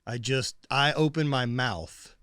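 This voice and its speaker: A man's voice: medium pitch, slow, fairly bright tone, smooth, no room sound, studio quality. A man from the United States hosting a podcast, chatting casually with a joking, profane and emphatic manner. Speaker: podcast host. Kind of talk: casual chat.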